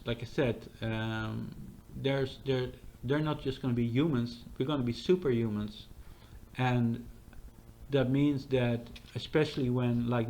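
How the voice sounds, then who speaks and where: A man's voice: mid-range voice, a little mellow, a little hiss or hum. A man talking in a casual, rambling monologue, full of fillers and restarts.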